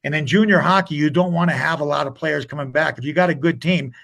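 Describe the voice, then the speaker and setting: A man's voice: fairly high pitch, quick pace, creaky, fairly bright tone. An older man, a hockey coach telling long stories as an interview guest, rambling with many restarts. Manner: rambling, retells conversations with many restarts and "he goes".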